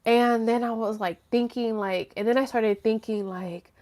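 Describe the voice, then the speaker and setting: A woman hosting a live stream chats to her viewers in a loose, rambling way. She tells her story with lots of "like" and the odd curse. Her voice sits a little high. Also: normal speed. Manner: rambling, animated, lots of "like" and swearing. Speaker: host of a live chat stream.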